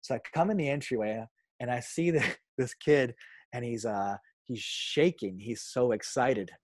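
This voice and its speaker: A male pastor telling stories in a casual interview, acting out quotes with lively energy and frequent laughs. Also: medium pitch, moderate pace, slight background noise. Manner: animated storyteller, acts out quotes, laughs often. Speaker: pastor and author, podcast guest.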